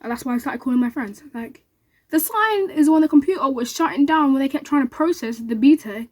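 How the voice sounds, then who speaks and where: A young woman, vlogging to camera and telling an excited story in a rapid, animated way, acting out what others said. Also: high voice. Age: young adult.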